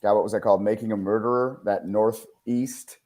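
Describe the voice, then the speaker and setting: Lower-voiced relaxed radio guest, a man. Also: fairly quick. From Minnesota. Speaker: television sports guest. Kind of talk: casual radio interview chat. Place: radio studio.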